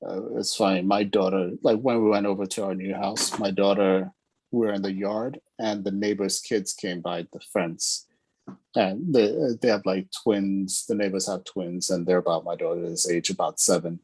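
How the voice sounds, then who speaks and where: A man tells a relaxed, amused story on a casual podcast. His voice is fairly low and a little husky. The sound is dry and close, with little room around it. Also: normal speed, no room sound. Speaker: podcast co-host. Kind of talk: casual anecdote.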